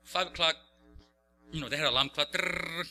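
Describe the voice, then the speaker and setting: A man's voice: on the high side, normal speed, creaky, soft background music. A male pastor telling a story in a sermon, acting out the characters' voices. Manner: animated, acts out voices.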